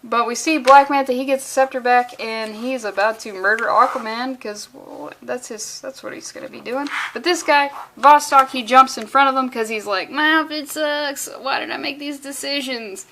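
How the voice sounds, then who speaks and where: A woman's voice: a little high, steady tone, moderate pace, hardly any pauses, pushed and bright, slight background noise. A woman casually reviewing a comic book, sarcastic and profane, acting out the characters' lines in passing.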